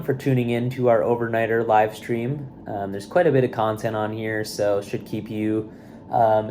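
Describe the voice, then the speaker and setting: Relaxed male host, a bit tired. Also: mid-range voice, a little hiss or hum. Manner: relaxed, loose, with fillers. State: a little tired. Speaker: stream and podcast host. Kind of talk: recorded announcement.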